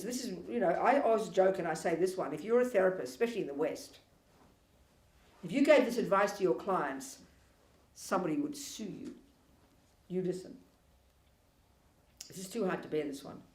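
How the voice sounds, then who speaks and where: A woman's voice: fairly low pitch, moderate pace, pauses often. Lady buddhist teacher, punchy and sarcastic, voice bouncing round a roomy hall. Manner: animated, emphatic, provocative and ironic. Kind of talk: dharma teaching. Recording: echoey room.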